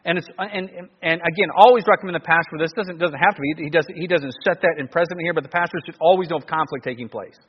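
A male pastor preaching a sermon in an animated way, full of rhetorical questions and frequent restarts. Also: fairly high pitch, fast talker, hardly any pauses, husky. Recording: dull, lo-fi recording with long reverb.

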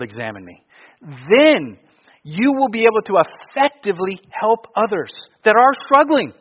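Middle-aged male pastor, slightly high voice, storytelling sermon with big dynamic swings, muffled lo-fi sound. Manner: storytelling, swinging from loud bursts to quiet asides.

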